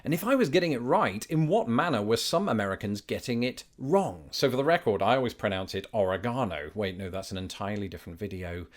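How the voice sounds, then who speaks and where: Wry British man, lively pitch. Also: fast, few pauses. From Britain. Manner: wry, theatrical, self-mocking. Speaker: YouTube host. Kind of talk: scripted comedic vlog monologue.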